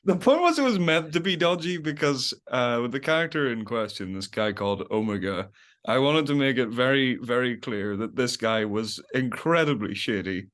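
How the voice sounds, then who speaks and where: A man's voice: mid-range voice, lively intonation, normal speed, a bit bright. A young man as a podcast guest, rambling in casual chat, laughing often and acting out little quotes. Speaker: podcast guest, web series creator.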